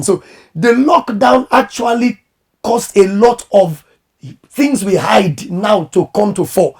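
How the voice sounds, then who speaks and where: A man who is a pastor and marriage coach, giving animated advice in conversation and acting out quoted voices. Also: high-pitched, measured pace.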